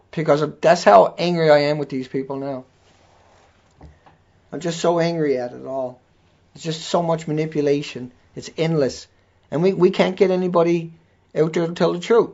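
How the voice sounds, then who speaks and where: Male vlogger, high voice, furious profane tirade, dull lo-fi sound. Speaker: video blogger. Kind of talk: angry ranting monologue. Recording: dull lo-fi recording.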